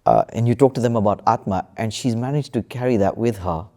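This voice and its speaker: A man telling a story in a relaxed spiritual panel discussion, with plenty of fillers and restarts. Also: on the low side, quick pace. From United Kingdom. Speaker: panel speaker.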